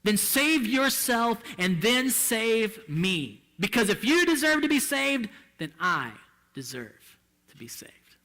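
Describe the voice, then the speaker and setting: A man's voice: very high voice, very animated, slow pace, sharp tone, big-room sound, voice pushed up, exaggerated voice. A man voicing a desperate, mocking male criminal who taunts and pleads within a sermon. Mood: taunting.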